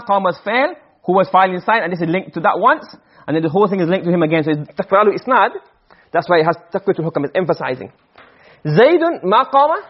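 A man lecturing on Arabic rhetoric in a quick classroom style, often checking if students follow. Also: sits high, breathy edge. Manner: quick, questioning students, drops Arabic grammar terms. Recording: dull lo-fi recording.

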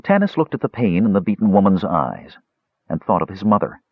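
A man narrating a fantasy story in a dramatic, expressive reading. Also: low-pitched, fairly quick, slightly rough, no room sound, phone-quality sound. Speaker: audiobook narrator.

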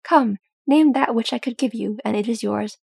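A woman reading the part of a serene, gracious elf queen in calm, stately speech. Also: fairly high pitch, moderate pace, gravelly, slightly rough, no echo, clean studio sound, exaggerated voice. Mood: regal.

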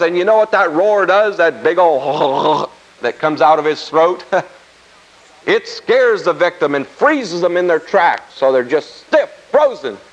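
A man preaching a sermon in a folksy, emphatic way, repeating scripture phrases for effect. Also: sits high. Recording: dull lo-fi recording.

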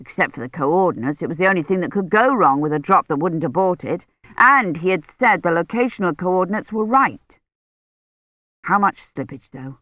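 A woman narrating a novel in a steady, even reading voice. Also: fairly low pitch, normal speed, no room sound. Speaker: audiobook narrator. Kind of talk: scripted narration. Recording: dull lo-fi recording.

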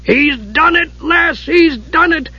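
An excitable male dwarf shrieks and urges at a very high pitch, as a man puts him on. The voice is husky and the storybook recording sounds dull and lo-fi. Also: slow, exaggerated voice. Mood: urgent. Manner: shrieking, urgent.

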